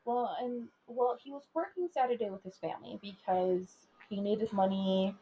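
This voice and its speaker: A woman's voice: mid-range voice, normal speed, lo-fi sound, slight background noise. A young woman co-hosting a casual chat podcast, rambling through a personal story with lots of filler words. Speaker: podcast co-host.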